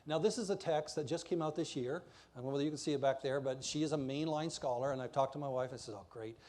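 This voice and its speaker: A man's voice: on the high side, steady tone, fast, a little mellow. A man preaching a passionate, emphatic sermon in a church while pointing to slides.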